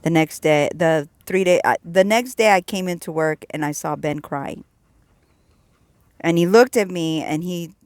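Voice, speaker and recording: A woman with a lowish voice tells her faith testimony straight to camera. She is earnest and animated, and she sinks into a soft hush at the serious points. The sound is close and dry, with no room in it. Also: no echo. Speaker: Christian vlogger sharing testimony. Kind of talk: personal faith testimony, storytelling.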